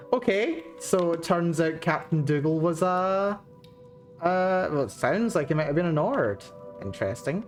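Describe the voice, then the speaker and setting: A woman's voice: lowish voice, animated, measured pace, soft background music. Chatty woman streaming a game. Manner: chatty, amused asides. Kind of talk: casual game commentary.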